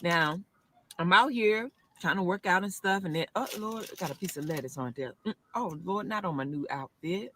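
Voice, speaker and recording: A woman in her car, chatting into her phone and reviewing a sandwich, with a drawn-out, preacher-like cadence. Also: fairly low pitch. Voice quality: animated southern-style preacher cadence, drawn-out exclamations. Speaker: food video creator. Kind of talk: casual selfie video review.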